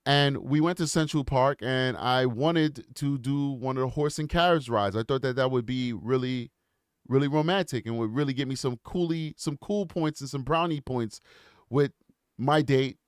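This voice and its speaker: A man's voice: medium pitch, moderate pace, clear, resonant tone, dry recording, clean studio sound. A man hosting his own channel, telling a personal story and commenting in an earnest, reflective way that builds to impassioned rhetorical questions. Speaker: channel host.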